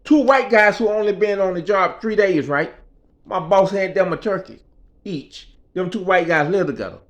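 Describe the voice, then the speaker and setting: A man's voice: sits high, expressive, moderate pace, fairly bright tone. A man telling a story in a casual rant, emphatic and profane, in street vernacular. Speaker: vlogger.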